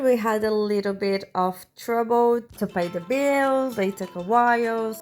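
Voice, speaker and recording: Slow, chatty woman vlogger. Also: mid-range voice, a little mellow. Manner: chatty, repeats words for emphasis. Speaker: travel vlogger. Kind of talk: travel vlog voice-over.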